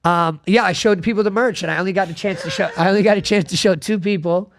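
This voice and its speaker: A man hosting a casual podcast, telling animated stories and swearing freely. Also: sits high, fast talker, slight background noise. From South Florida. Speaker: podcast host.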